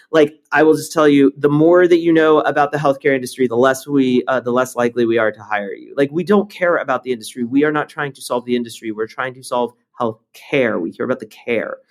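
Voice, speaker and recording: A startup founder and CEO appears as a guest in a conversational interview, speaking bluntly and animatedly with the occasional swear word. His mid-range voice moves at a quick pace with few pauses as he tells energetic stories.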